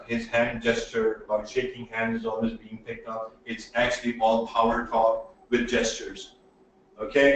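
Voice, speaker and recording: A man's voice: mid-range voice, recorded from a distance, slight background noise. Emphatic man lecturing in an echoey room. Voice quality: animated, swings loud and soft. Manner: emphatic, repeats "okay?" to check in. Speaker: presentation skills trainer. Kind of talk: webinar lecture.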